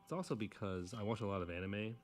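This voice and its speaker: A man's voice: on the low side, fast talker, soft background music. A young man casually chatting while he draws, rambling and correcting himself as he goes. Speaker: artist drawing on camera. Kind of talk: casual chat while drawing.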